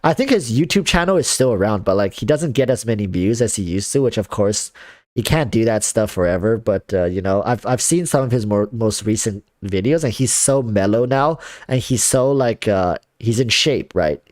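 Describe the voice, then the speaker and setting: A man's voice: fairly low pitch, animated, moderate pace, darkish tone, no room sound, clean studio sound. A man chatting casually on a livestream, rambling with lots of fillers and restarts, reading viewer comments. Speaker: streamer.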